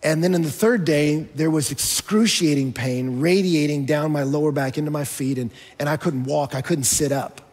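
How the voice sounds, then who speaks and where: A man's voice: fairly high pitch, moderate pace, few pauses, a little mellow, long reverb tail. A man preaching a sermon as a pastor, telling a story in a conversational way with touches of humor.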